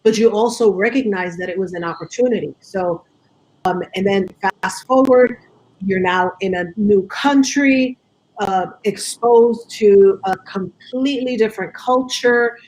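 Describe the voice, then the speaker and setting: A woman's voice: mid-range voice, unhurried, a little mellow, poor audio. Affirming woman host of an interview. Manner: affirming, reflective summarizing. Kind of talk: casual interview.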